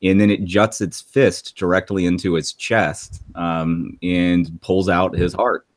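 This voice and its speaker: A man narrating a tabletop game as game master, halting and filled with ums and likes. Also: deep voice, flat delivery, no echo.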